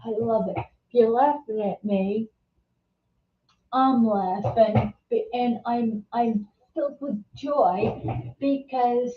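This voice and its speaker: A woman hosting a live-stream chat, speaking slowly and haltingly with a somewhat high voice. She keeps restarting her sentences and repeating words. She sits at a distance from the mic in a roomy, echoing space, and the sound is dull. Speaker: host.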